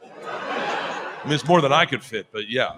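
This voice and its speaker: A male comedian telling a story on stage, laughing through it and building to shouts. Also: medium pitch, animated, unhurried, heavy background noise. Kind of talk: stand-up storytelling.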